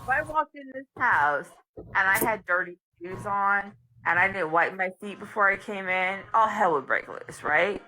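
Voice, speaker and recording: A woman hosting a live stream in casual chat, animated and emphatic, saying "dude" and "like" a lot. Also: mid-range voice, normal speed, a little hiss or hum, low-quality recording.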